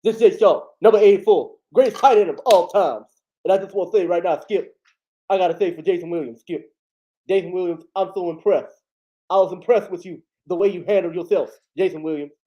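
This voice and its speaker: A man doing an impression of a boastful male sports pundit, loudly repeating his co-host's name. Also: high-pitched, brisk, lo-fi sound, natural voice.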